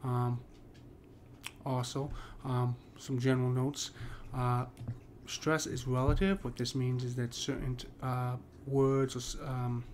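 Flat-voiced man teaching poetic meter. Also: medium pitch, slight background noise. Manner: halting, many ums and restarts. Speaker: poetry teacher. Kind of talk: casual explanatory lesson.

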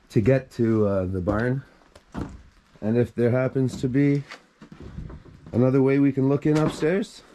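A man hosting his own exploration videos, casually narrating a walk through an abandoned house and plainly listing what he finds. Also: medium pitch. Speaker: host of an urban exploration channel.

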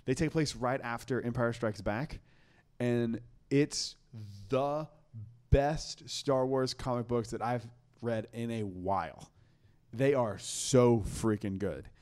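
A man's voice: medium pitch, slow pace, darkish tone. A young man hosting a podcast, talking in a casual, enthusiastic and rambling way with many restarts. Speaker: podcast host. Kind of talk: casual chat.

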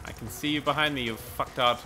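A man commentating a video game race, excitable and sweary, rambling and mocking himself, a little out of breath. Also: medium pitch, fast. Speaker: gaming commentator. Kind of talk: let's play commentary.

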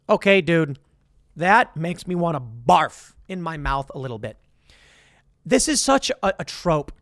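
A man hosting a political commentary show, talking in an animated, sarcastic way as he reads out news stories and reacts to them. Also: fairly high pitch, normal speed, no echo, studio quality.

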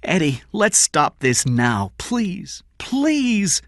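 A man's voice: mid-range voice, sing-song, measured pace, fairly bright tone, no room sound, studio quality, voice pushed up. A man voicing a desperate young woman who begs and pleads in an urgent, raised voice. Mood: pleading. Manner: begging, urgent.

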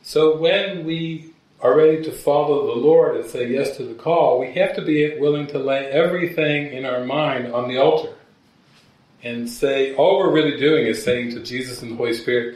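A man's voice: mid-range voice, moderate pace, a little mellow. A man, a spiritual teacher, telling stories to a gathering and often laughing at his own jokes. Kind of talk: talk to a gathering. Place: meeting hall at a gathering. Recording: very echoey room, voice from far off.

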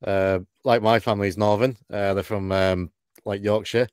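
A man's voice: fairly low pitch, fairly even intonation, moderate pace, a little mellow, clean tone, no echo, clean studio sound. A man with an English accent, a guest chatting casually with laughs. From England. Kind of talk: casual chat.

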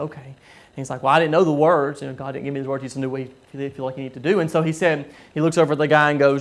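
A man preaching a sermon, telling a story with frequent halting restarts and repeated words. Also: fairly high pitch, steady tone. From southern United States.

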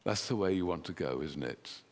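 A man's voice: sits low, expressive, moderate pace. A man with an English accent preaching a sermon in a church, earnestly putting questions to the congregation. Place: church hall. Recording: long hall reverb.

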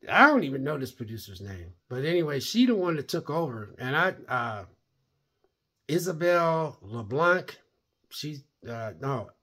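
A man's voice: fairly high pitch, fairly bright tone, husky. A man giving a rambling, blunt, opinionated spoken review of a TV series. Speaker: show reviewer.

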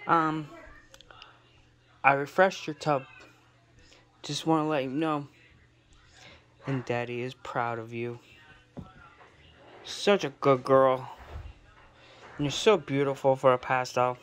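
A man's voice: mid-range voice, steady tone, takes it slowly, long pauses, a bit bright, clean tone. A man chatting casually and fondly to his pet snakes at home while cleaning their tubs, in a playful sing-song. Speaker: snake keeper vlogger.

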